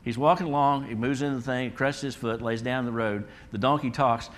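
A man's voice: mid-range voice, brisk, hardly any pauses. A man preaching a Bible study sermon in a conversational way, often checking in with listeners. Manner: conversational, frequent "all right?" checks.

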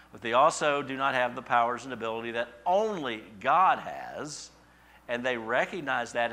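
A man preaching a sermon, building to loud emphatic peaks and falling to quiet asides. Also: medium pitch. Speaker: pastor.

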